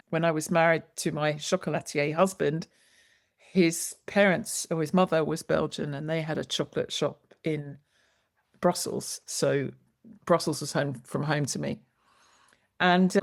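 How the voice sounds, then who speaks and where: A woman guest educator in conversation, telling stories in a lively, expressive way. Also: deep voice, a little slow, gravelly. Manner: lively, expressive, acts out quoted lines. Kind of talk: animated storytelling in conversation.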